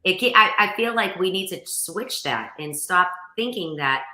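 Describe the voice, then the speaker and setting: A woman's voice: lowish voice, expressive, moderate pace, bright, forceful tone, roomy sound. A middle-aged woman talking earnestly as a podcast guest over a call, rambling with restarts. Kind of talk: casual interview chat.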